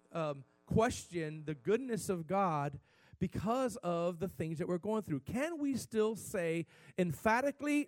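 A male pastor preaching a sermon, talking candidly and then building to loud, emphatic declarations. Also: high voice, dry recording.

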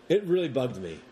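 A man's voice: medium pitch, slight background noise. Rambling man ranting about a movie. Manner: rambling, animated rants with mocking put-on quotes. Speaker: podcast co-host. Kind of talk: casual movie chat.

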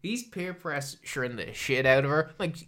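Irish podcast cohost, bright sharp voice, animated and sweary, roasting a movie. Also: mid-range voice, normal speed, a little hiss or hum. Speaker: podcast co-host. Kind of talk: casual chat reviewing a film.

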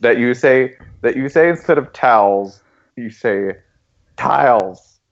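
A man's voice: medium pitch, a little slow, muffled recording. A man from Tennessee with a light Southern accent, hosting a podcast in casual chat and laughing often. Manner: laughs often, animated when joking. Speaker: podcast host.

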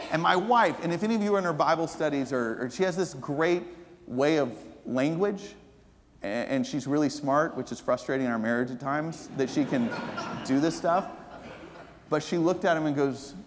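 Pastor preaching in a reverberant church. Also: male voice, a little high, normal speed. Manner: storytelling, swinging from animated to hushed and earnest. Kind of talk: sermon. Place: church sanctuary. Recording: long reverb of a church hall.

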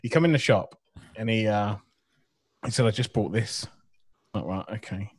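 A man's voice: lowish voice, normal speed, husky. A man co-hosting a casual podcast, blunt and sweary, telling stories with laughter. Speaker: podcast co-host, vape shop worker.

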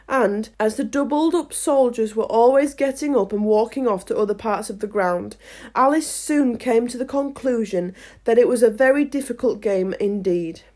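A woman reads a classic storybook aloud, lively and expressive in her phrasing. Her voice sits a little above the usual female range. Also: a little high. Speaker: audiobook reader.

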